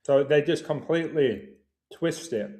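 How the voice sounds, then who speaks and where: A man with a somewhat high voice co-hosts a casual talk show. He chimes in eagerly with short interjections and his own loose connections. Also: measured pace, mellow. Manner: eager, chiming in with interjections like "bro" and "oh my word". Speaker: co-host. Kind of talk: casual chat.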